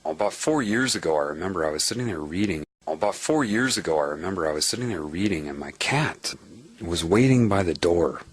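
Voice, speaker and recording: A man giving a spiritual monologue, telling a personal story in an animated way and repeating phrases for emphasis. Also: low voice, fairly quick. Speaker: spiritual speaker. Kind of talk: lecture-style monologue.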